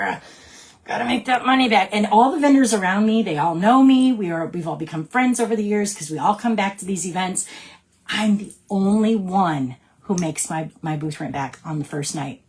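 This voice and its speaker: A woman, a direct sales team leader giving her team an upbeat, chatty training talk. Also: on the low side. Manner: upbeat and chatty, keeps checking in with "right?".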